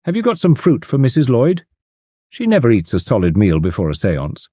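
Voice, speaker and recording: A man's voice: mid-range voice, wildly swooping pitch, a little fast, mellow, breathy edge, dry recording, studio quality. A man reading an audiobook, voicing a drawling, gushing society woman keen on séances.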